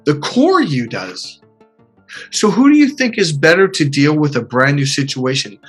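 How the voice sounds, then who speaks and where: Animated man coaching, husky voice. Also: a little high, normal speed, faint music behind. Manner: animated, acts out quotes, swears casually. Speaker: life coach. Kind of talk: coaching session.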